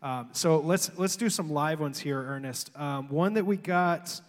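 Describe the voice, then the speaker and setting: A man pastor hosting questions in church, relaxed and joking, with many ums. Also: a little high, a little slow. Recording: long hall reverb.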